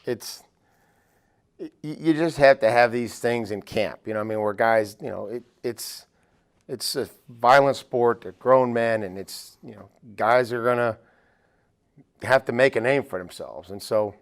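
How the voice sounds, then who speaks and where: A man's voice: mid-range voice, measured pace. A middle-aged man, a football coach being interviewed, telling rambling anecdotes full of "you know" fillers. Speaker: football head coach, guest. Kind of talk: casual interview storytelling.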